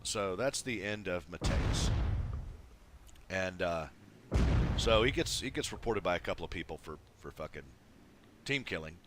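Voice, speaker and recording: A man's voice: sits low, lively intonation, measured pace, long pauses, very noisy. A man casually commenting on a replay of his own game, laid-back and swearing freely. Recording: game sounds of gunfire and engines behind. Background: tank battle game sounds, artillery fire.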